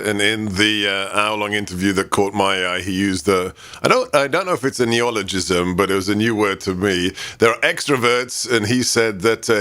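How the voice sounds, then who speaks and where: A man who grew up in West London, now hosting a political talk show, asking emphatic and animated questions. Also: on the low side. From West London, England. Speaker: radio talk-show host.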